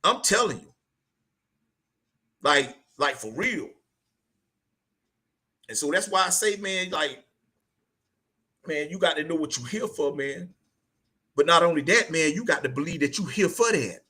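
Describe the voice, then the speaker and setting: A man's voice: on the high side, lively intonation, unhurried, pauses often, bright, forceful tone, slightly rough. A middle-aged man hosting a podcast, giving a blunt, profane motivational monologue and tacking "man" onto nearly every line. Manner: blunt, profane, preachy, repeats "man" constantly. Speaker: podcast host.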